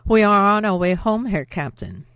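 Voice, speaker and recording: A narrator voicing a tired, defiant young woman with a sharp, sardonic edge. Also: mid-range voice, sing-song, moderate pace, clean tone, no room sound, voice pushed up.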